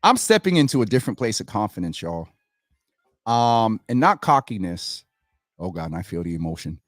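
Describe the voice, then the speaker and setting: Animated earnest man hosting a show. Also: on the low side, normal speed, dry recording, studio quality. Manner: earnest, animated, addresses viewers as y'all. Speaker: host of a community talk show. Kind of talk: casual livestream commentary.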